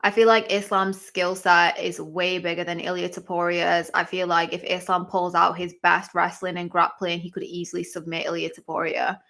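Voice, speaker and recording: A woman hosting a live fight-watching stream, chatty and excitable, with lots of exclamations and fillers. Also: lowish voice, moderate pace, gravelly, hardly any pauses. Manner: chatty, filler-heavy talk. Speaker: livestream host.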